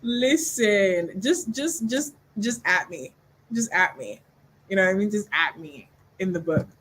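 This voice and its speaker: A woman's voice: medium pitch, big pitch swings, normal speed, a bit bright, slight background noise, poor audio. A young woman hosting a book club livestream, chatting casually and animatedly, laughing often and acting out scenes in voices. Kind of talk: casual chat.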